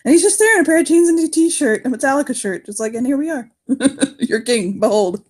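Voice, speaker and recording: A woman's voice: high-pitched, animated, brisk. A woman narrating and playing characters in an improvised tabletop role-playing game, laughing often and swearing casually. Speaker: player.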